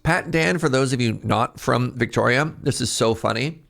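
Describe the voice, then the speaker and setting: A man's voice: medium pitch, moderate pace, gravelly, fairly bright tone. A man streaming live, chatting casually with his viewers in a jokey, talkative way and laughing often.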